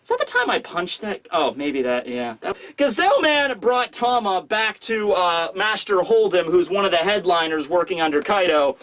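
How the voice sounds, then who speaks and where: A man with a high, boyish voice hosts a casual manga review. He rambles along, piling up fillers and asides. The delivery is loose and conversational. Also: normal speed, hardly any pauses. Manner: animated, rambling, lots of fillers. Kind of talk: casual video commentary.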